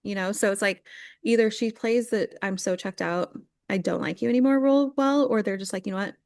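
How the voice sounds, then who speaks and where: A young woman gossips her way through reality TV recaps, slipping into quick impressions of the people she talks about. The recording is dry and close, with no room sound, and her voice sits at a middle pitch. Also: gravelly, no room sound. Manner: chatty, animated, acts out quotes with lots of "like". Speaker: podcast co-host. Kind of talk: casual chat recapping reality TV.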